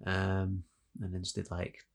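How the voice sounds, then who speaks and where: A man's voice: sits low, completely flat delivery, measured pace, vocal fry. A man co-hosting a casual podcast, blunt and dryly funny, swearing now and then. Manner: blunt, dry humour, swears. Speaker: podcast co-host. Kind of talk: casual chat.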